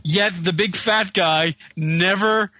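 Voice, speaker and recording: A man's voice: sits high, slow pace, bright, forceful tone, no room sound. A man co-hosting a radio show, chatting casually and profanely while laughing along. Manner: chatty, laughing, swearing freely. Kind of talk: casual, profane studio banter. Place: radio studio.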